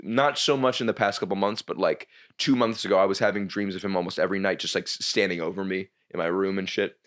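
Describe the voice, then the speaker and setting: A comedian man tells a story in a loose, rambling way on a podcast. He restarts his sentences often and swears freely. His voice sits on the low side. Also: steady tone, quick pace, a bit bright. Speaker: comedian guest.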